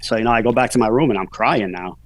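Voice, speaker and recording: A man's voice: medium pitch, fast, poor audio. A man, a podcast guest telling his story candidly in casual talk, full of "you know" fillers. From New York.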